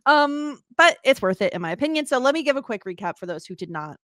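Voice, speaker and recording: A woman's voice: high voice, big pitch swings, fast, a bit bright, no room sound, studio quality. A woman from the United States hosting a podcast in casual chat, playful and teasing. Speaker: podcast host.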